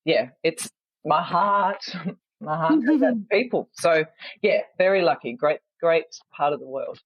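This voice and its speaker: A woman with a Western Australian accent chats as a podcast guest over a remote call. She is bubbly and playful and laughs often. Her voice sits slightly low, and the sound is dry and close. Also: expressive, unhurried, slightly rough, dry recording, muffled recording. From Perth, Western Australia. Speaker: podcast guest, entrepreneur coach. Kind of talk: casual interview chat.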